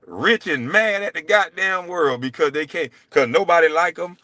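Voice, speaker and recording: A man hosting his own show, delivering a heated, profane solo rant, taunting and swinging between loud jabs and low mutters. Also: lively intonation, normal speed, few pauses, no room sound, clean studio sound. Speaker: show host.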